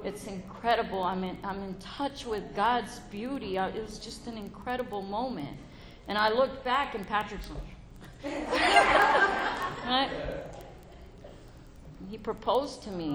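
A middle-aged woman giving a candid personal testimony to a meeting, frank and laughing often, swearing freely. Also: medium pitch. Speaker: recovery meeting speaker. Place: meeting room with an audience. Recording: faint crowd and background noise.

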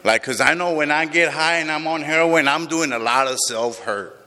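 A man's voice: a little high, normal speed, sharp tone. A man sharing his recovery story with a group, raw and emotional, swearing often, heard in a large room. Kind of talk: personal recovery testimony to a group. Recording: long reverb of a large hall.

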